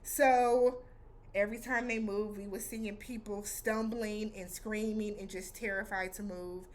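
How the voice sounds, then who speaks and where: A woman hosting a casual recap vlog, speaking in an animated, slangy way and acting out her own reactions. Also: mid-range voice, a little slow, slight background noise. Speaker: vlog host reviewing a TV episode.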